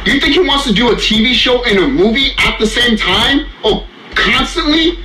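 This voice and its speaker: A man's voice: very high voice, animated, moderate pace, reverberant, background noise. A man ranting furiously and profanely in a reaction vlog, repeating himself and losing his voice. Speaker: YouTuber.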